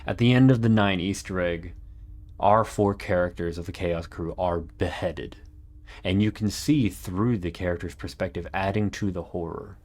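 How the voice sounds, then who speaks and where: A man narrating a scripted video essay in an earnest, measured way with dramatic pauses. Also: deep voice, darkish tone. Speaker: YouTube narrator.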